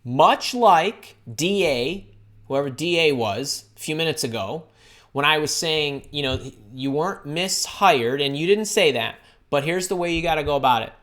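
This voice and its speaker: Energetic woman recruiter hosting a live Q&A. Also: deep voice, normal speed. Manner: energetic, chatty, greets viewers by name. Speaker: recruiter and career coach. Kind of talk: live-stream Q&A with viewers.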